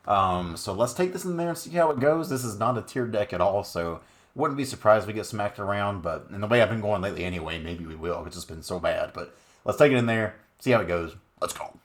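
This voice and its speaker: A man's voice: lowish voice, lively intonation, fairly quick. A man hosting his own channel, giving casual, laid-back commentary on a card game deck with frequent fillers.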